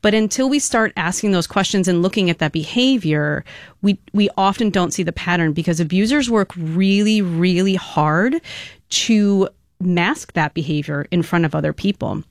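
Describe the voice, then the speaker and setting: A woman's voice: on the low side, moderate pace, no echo, clean studio sound. A woman expert on domestic violence gives an earnest interview answer, explaining with everyday examples.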